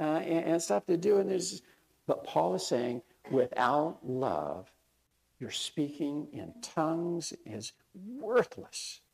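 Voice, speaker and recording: A man's voice: mid-range voice, vocal fry, a little mellow. A male pastor preaching a sermon in a plain, conversational way, with frequent fillers and quoted lines acted out.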